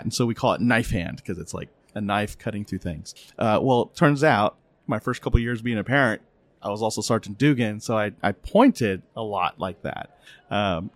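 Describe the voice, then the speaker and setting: A man's voice: fairly low pitch, no room sound. A middle-aged man hosting a podcast, chatting casually and telling stories with plenty of fillers. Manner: storytelling, animated when laughing, filler-heavy. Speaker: podcast host. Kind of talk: casual interview chat.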